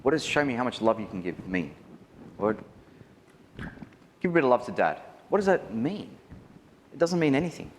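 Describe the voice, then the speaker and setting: An Australian man giving a wedding photography seminar, chatty and animated, often asking the audience questions. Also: mid-range voice, moderate pace, pauses often, a little hiss or hum. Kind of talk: live seminar talk to an audience. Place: large hall. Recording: reverberant hall with faint ambience.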